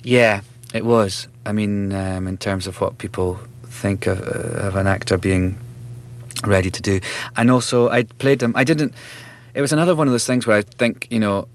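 Chatty Scottish man, lowish voice. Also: steady tone, normal speed. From Scotland. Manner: chatty and self-mocking, laughs often. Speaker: actor, interview guest. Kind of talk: relaxed interview chat.

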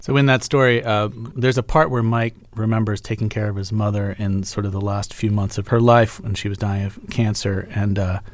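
A man's voice: fairly low pitch, steady tone, a little fast, few pauses. A man interviewing an author in a conversational way, laughing easily and later reading a passage aloud. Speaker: radio interviewer.

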